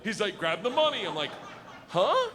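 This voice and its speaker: Loud animated middle-aged comedian in a hall. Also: male voice, a little high, a little fast. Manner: loud, animated, laughing, yelling punchlines. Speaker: stand-up comedian. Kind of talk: stand-up storytelling. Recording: clip with long hall reverb and faint noise.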